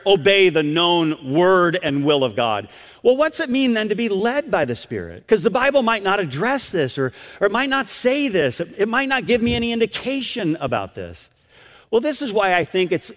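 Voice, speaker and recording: A man delivers a sermon in a high, lively voice. His delivery is animated and story-driven, with frequent restarts mid-phrase, and his voice carries the long reverb of a large hall. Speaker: preacher.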